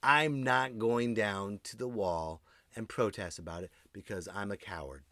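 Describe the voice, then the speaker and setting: A man hosting his own podcast, rambling through a jokey monologue that swings between loud outbursts and muttered asides. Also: fairly low pitch, measured pace, no echo. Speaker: podcast host. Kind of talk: comedic solo podcast monologue.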